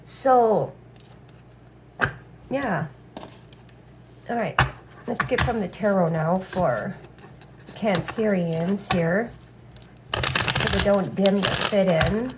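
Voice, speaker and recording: With heavy background noise behind her, a medium-pitched woman reads tarot very slowly, pausing often. She's casual, blunt, and profane, and "all right" comes up again and again.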